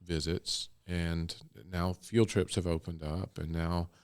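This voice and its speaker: A man's voice: deep voice, little pitch movement, slow pace, clear, resonant tone. A man being interviewed as co-founder of a ministry, talking in a rambling, enthusiastic way with laughs. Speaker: guest, co-founder of a bunny ministry. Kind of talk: casual interview talk.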